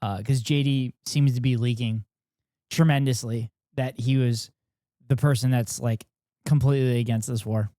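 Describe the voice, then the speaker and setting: Chatty streamer man with a crisp voice. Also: medium pitch, steady tone, moderate pace, dark tone, no echo, clean studio sound. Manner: rambling, self-deprecating, chatty with viewers. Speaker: streamer reacting with chat. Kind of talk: casual live-stream chat.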